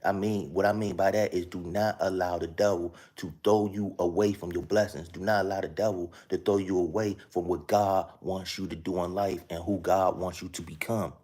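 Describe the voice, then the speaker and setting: Deep husky man preaching on a live stream. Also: steady tone, moderate pace, few pauses, darkish tone. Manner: earnest, repetitive, keeps asking viewers to follow along. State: talking softly at times so his sleeping kids stay asleep. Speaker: live-stream host sharing a spiritual message. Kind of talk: casual preaching to a live audience.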